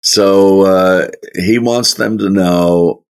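A man leading a verse-by-verse Bible study, speaking in a slow, folksy way with chuckling asides. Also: sits low, steady tone, clear, resonant tone. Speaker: Bible teacher.

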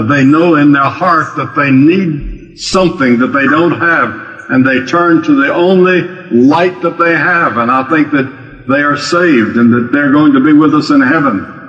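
Male guest, measured and earnest, slightly high voice, boomy hall with muffled sound. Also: fairly bright tone. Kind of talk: casual discussion.

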